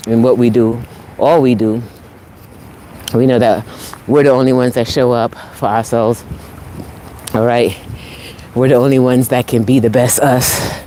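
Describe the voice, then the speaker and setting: Her voice is extremely low-pitched and warm, with slight background noise. Originally from the Caribbean and raised in New York, this motivational speaker and host has a New York accent and streams live on a walk outdoors near traffic. Encouraging and upbeat, she chats with frequent laughs, rising exclamations, and shout-outs to viewers.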